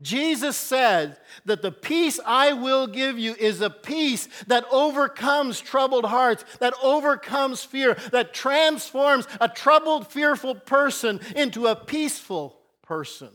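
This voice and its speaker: Man, high-pitched, pastor, sermon, earnest storyteller, soft and loud turns. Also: lively intonation, slow, hardly any pauses. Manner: earnest, storytelling, varies volume for emphasis.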